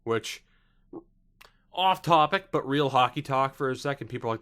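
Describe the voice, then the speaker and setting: A man's voice: mid-range voice, animated, moderate pace, a bit bright, smooth. A young man casually commenting on a hockey video game he is playing, chatty, with wry asides and frequent self-corrections. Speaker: gaming YouTuber.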